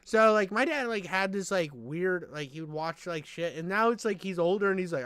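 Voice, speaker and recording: A man ranting in casual chat, loud, profane and animated. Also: sits high, brisk, few pauses, clear, resonant tone, no room sound, studio quality. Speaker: podcast co-host.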